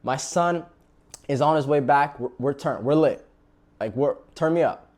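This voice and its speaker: A man doing an overjoyed, shouting father. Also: a little high, moderate pace, pitched above the performer's own voice, lightly acted. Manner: excited, slangy. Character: overjoyed rich father, excited and loud.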